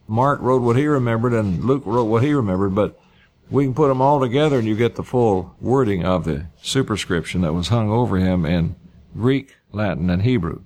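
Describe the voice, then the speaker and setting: A man preaching a sermon, reading scripture aloud and retelling it in everyday words. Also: medium pitch. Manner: reads scripture aloud and paraphrases it in plain speech.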